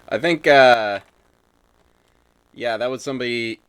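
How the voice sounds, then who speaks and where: A young man narrating as dungeon master in a loose, halting way, with many fillers and sounds he makes with his mouth. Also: mid-range voice, lively intonation, a bit bright, smooth. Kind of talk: narrating a tabletop game.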